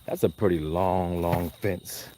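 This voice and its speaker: This dog breeder speaks in a low, steady voice at a measured pace while vlogging live outdoors at night from his kennel yard. Holding his phone camera, he rambles to himself casually, and the audio carries a little hiss or hum under loud crickets and insects.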